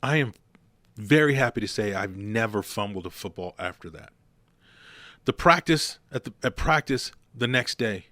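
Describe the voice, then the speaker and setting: A man's voice: fairly low pitch, expressive, moderate pace, bright, forceful tone, no echo, faint music behind. Blunt, emphatic male podcast host. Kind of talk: motivational podcast monologue.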